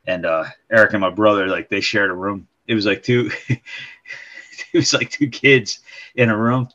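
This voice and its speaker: A man's voice: lowish voice, steady tone, moderate pace, sharp tone, dull audio. A man co-hosting a podcast, swearing freely and telling family stories in casual chat. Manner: swearing, laughing storyteller.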